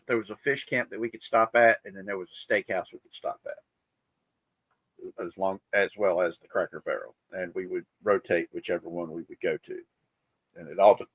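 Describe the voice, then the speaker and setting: A man's voice: sits low, no room sound, dull audio. Rambling man hosting a chat stream. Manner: rambling, many fillers, chuckling. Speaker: livestream host. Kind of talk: casual chat.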